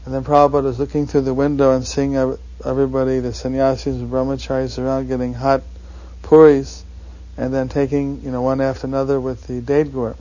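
A man recounting anecdotes in a reminiscing interview, halting and full of fillers. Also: medium pitch, completely flat delivery, dark tone, muffled recording. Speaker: devotee recalling his teacher.

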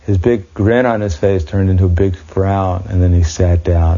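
Male storyteller, low, dark tone, dull lo-fi recording. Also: steady tone, moderate pace, hardly any pauses. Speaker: devotee recounting memories. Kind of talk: anecdotal storytelling.

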